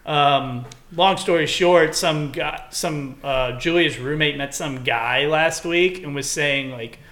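A man's voice: fairly high pitch, takes it slowly, a bit bright, echoey room. A young man from Texas, a podcast co-host, chatting casually and rambling with lots of "like" and swearing. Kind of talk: casual chat.

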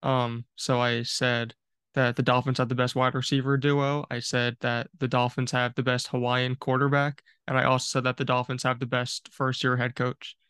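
A man's voice: mid-range voice, completely flat delivery, normal speed, a bit bright, clear, resonant tone, no room sound, clean studio sound. A young man co-hosting a casual podcast, easygoing and joking. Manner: easygoing, apologetic asides, joking. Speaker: podcast co-host. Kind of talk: casual chat.

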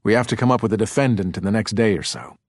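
A man's voice: on the low side, expressive, fast talker, no echo, studio quality. A man playing a stubborn forensic expert. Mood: defensive. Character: stubborn male forensic expert, dry and defensive.

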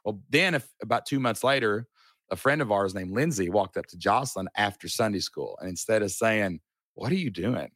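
A man in his thirties from Kentucky telling his story as a podcast guest, with lively asides and fillers. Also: lowish voice, fairly quick, no echo, studio quality. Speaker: guest entrepreneur. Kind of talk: casual storytelling interview.

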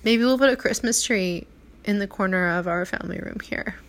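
A woman in her thirties, a vlogger, sits in her apartment at night delivering a heartfelt, rambling personal monologue. Her mid-range voice moves fairly quickly, full of restarts and "like".

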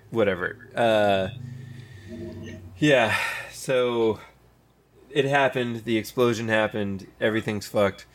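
A man with a fairly low voice talks through a scene in a loose, rambling way. He swears casually and breaks into laughter often. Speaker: podcast co-host recapping an anime. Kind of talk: casual chat.

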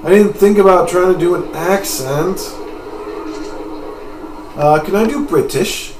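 Offhand gamer in an echoey room. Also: male voice, unhurried, background noise. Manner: low-key and offhand. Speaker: gamer reading a game aloud. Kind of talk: let's-play voice reading. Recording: echoey room, mic at a distance.

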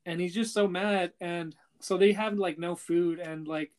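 A man's voice: high voice, steady tone, measured pace, darkish tone, clear, resonant tone. Profane young man retelling a story. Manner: loose and profane, heavy on filler "like" and "he's like". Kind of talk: casual chat, retelling a story to a friend.

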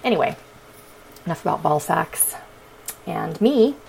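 A woman's voice: lowish voice, lively intonation, a little slow, gravelly, darkish tone, slight background noise, rough recording. A woman hosting her own astrology podcast, chatting casually in a sassy, profane way. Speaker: podcast host. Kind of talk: casual chat.

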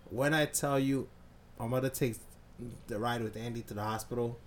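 A man casually telling a long story on a podcast, profane and animated, acting out scenes and sounds. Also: mid-range voice, moderate pace, slight background noise. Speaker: podcast co-host.

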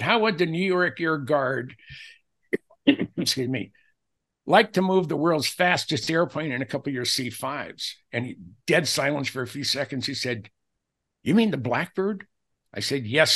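An older man telling personal anecdotes as a podcast guest, acting out the dialogue he quotes in an animated way. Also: mid-range voice, measured pace. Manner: animated storyteller who acts out quoted dialogue.

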